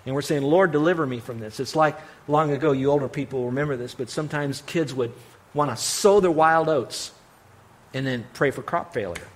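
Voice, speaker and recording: A middle-aged man preaching a sermon with earnest emphasis, rising to emphatic peaks and dropping to quiet asides. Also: medium pitch, normal speed. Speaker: pastor.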